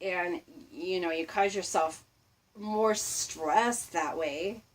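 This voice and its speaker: A woman's voice: fairly low pitch, takes it slowly. A woman hosting a casual motivational talk, chatty and laughing often as she speaks to her viewers. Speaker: host.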